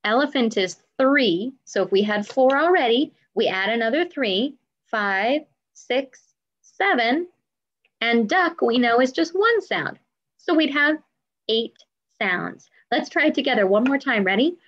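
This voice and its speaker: A woman's voice: fairly high pitch, expressive, measured pace, a bit bright, muffled recording. A woman music teacher giving an online lesson to young children, drawing out words in a sing-song way and asking lots of encouraging questions.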